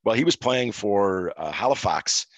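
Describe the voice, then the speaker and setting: A middle-aged man from Quebec, a former referee, telling stories in a relaxed interview with many fillers. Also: fairly low pitch, unhurried, no echo, rough recording. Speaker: podcast guest, former hockey referee. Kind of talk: casual interview storytelling.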